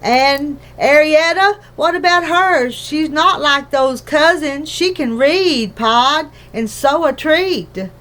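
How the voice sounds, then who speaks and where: A fretful tiny mother frets and pleads in homely, ungrammatical speech, as a woman reads her out. The voice sits high and the words come slowly. A storybook figure full of worry. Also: fairly bright tone. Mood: pleading. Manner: anxious, wailing, ungrammatical country speech. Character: small worried mother, tiny borrower woman. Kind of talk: storybook reading.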